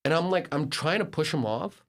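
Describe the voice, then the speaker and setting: An American man, a podcast guest, telling travel stories in a casual, animated way, laughing and acting out the people he quotes. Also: fairly high pitch, moderate pace. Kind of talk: casual storytelling.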